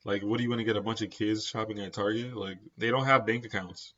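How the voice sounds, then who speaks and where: A man's voice: fairly low pitch, fairly even intonation, quick pace, pushed and bright, muffled recording. A tired man, hosting a podcast as casual solo commentary, rambling with lots of fillers and repeats. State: tired, yawning. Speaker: podcast host.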